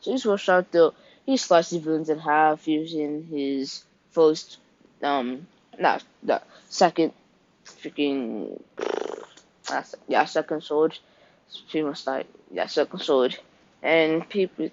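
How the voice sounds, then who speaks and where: A man's voice: on the high side, slow pace, dry recording. A young man casually retelling an improvised fan story, rambling, correcting himself and dropping offhand asides. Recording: dull lo-fi recording.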